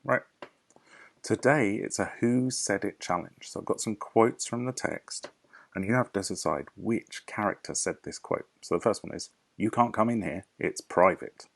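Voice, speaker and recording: A man teaching a recorded primary school English lesson, explaining tasks patiently and clearly. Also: lowish voice, moderate pace.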